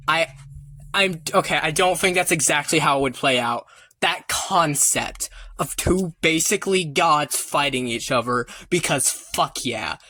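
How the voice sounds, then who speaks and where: A man rambling excitedly about his own story ideas, swearing often and getting loud when worked up. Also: fairly high pitch, no room sound. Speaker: creator rambling about his original characters. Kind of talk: excited casual monologue.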